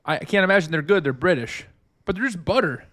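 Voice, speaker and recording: A podcast co-host rambles through a loose, casual chat, often breaking into laughs. His voice sits high for a man and swings up and down with lots of life. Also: expressive, fairly quick, pushed and bright.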